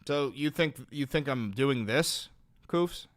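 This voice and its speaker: A man runs a livestream and reads out donations in a sarcastic tone. He swings between loud, mocking rants and low, dry comebacks, all at a slow pace.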